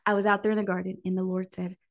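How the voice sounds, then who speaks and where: A woman, leading a prayer call and preaching prophetically, dropping to breathy whispers and rising into impassioned declarations. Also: mid-range voice, little pitch movement, racing.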